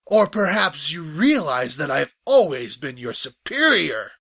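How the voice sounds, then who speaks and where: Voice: mid-range voice, very animated, a little slow, vocal fry, sharp tone, slightly rough, full character voice. Someone playing a pompous teenage fencer. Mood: haughty. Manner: grandiose, theatrical challenges. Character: pompous young male high school fencer. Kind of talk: fan radio play acting.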